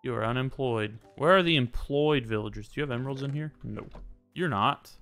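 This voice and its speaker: A young man casually commenting while he plays a game, chatting to the game characters and turning suddenly loud when surprised. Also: mid-range voice, fairly quick. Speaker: gaming YouTuber. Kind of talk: casual let's-play commentary. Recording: faint music behind.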